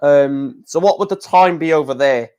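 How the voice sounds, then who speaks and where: Stream host, young man, rambling casual chat, voice a touch high. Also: moderate pace, a little mellow, clear, resonant tone, highs cut off. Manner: rambling, chatty, self-correcting.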